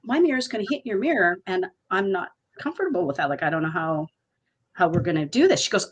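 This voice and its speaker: A woman's voice: mid-range voice, sing-song, brisk, a bit bright, breathy edge. A woman co-hosting a podcast, telling a story with frequent laughter and swearing. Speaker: podcast co-host. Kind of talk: casual chat.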